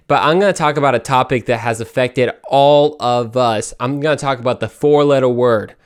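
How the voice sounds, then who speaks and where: A man's voice: mid-range voice, normal speed, smooth. A young man hosting his own podcast, talking in an upbeat, chatty way with playful asides. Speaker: podcast host. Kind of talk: casual solo podcast monologue.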